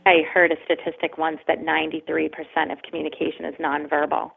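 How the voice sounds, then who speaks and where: A woman interviewer asking measured, explanatory questions. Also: sits low, little pitch movement, vocal fry, husky. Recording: tinny phone-like sound.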